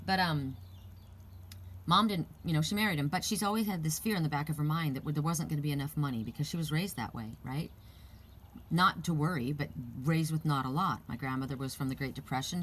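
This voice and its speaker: A woman's voice: low voice, slight background noise. A woman giving a casual spiritual card reading, rambling and reassuring, with asides and restarts. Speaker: oracle card reader.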